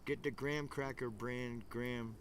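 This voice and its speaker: A man's voice: medium pitch, fairly even intonation, moderate pace. An enthusiastic man rambles through a casual fireside livestream, chatting to his viewers. He is outdoors, with a faint hum of ambience behind him. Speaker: livestream host. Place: outdoors by a campfire.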